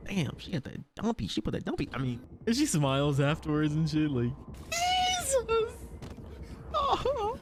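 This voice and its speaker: A man reacting to an anime episode in casual commentary, swearing and laughing often and jumping into high yelps when startled. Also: huge pitch swings, fairly quick, hardly any pauses, very noisy. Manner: frequent laughter and profanity.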